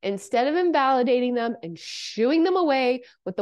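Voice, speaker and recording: In a sing-song, slightly high voice that's a little mellow, a Canadian woman delivers a casual self-help talk at a moderate pace. She earnestly coaches her listeners directly, often asking "okay?" and "right?".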